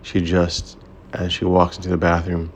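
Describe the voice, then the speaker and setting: A man reading a romance story aloud as its narrator, in a steady, measured way. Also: sits low, a little hiss or hum. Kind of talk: scripted audiobook narration.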